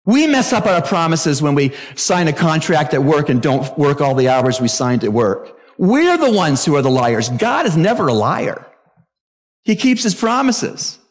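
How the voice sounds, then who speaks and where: A middle-aged male pastor preaching a sermon emphatically, jumping to sudden high exclamations. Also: very animated, unhurried.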